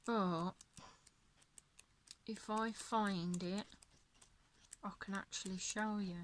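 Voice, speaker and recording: A woman's voice: mid-range voice, fairly even intonation, slow, slight background noise. A tired woman chatting casually about her coloring pages, yawning and apologetic. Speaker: coloring channel host. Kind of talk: casual show-and-tell chat.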